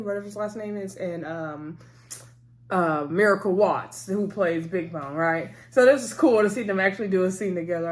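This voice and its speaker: Rambling, chatty woman recapping a TV episode. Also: mid-range voice. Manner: rambling, loose, full of fillers like "so anyway" and "um"; chatty and familiar, addressing viewers directly. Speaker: TV episode reviewer.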